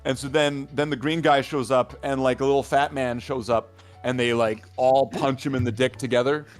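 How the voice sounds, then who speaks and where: A man's voice: mid-range voice, little pitch movement, moderate pace, faint music behind. A man in casual chat among friends, telling a long rambling story full of fillers and repeated "right?" checks. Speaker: hobby gaming channel regular.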